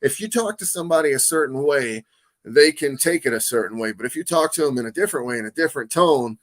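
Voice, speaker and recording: A man hosting an interview podcast, talking in a casual, animated way that jumps between loud bursts and quiet asides. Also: medium pitch, quick pace. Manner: excitable, animated, swings loud and soft; peppers talk with "man" and "you know what I mean". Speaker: podcast host.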